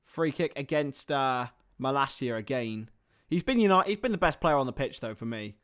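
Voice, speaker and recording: A young man hosting a live football watchalong, mixing play-by-play commentary with rambling chatty asides and getting excited on chances. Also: mid-range voice, normal speed, clear, resonant tone.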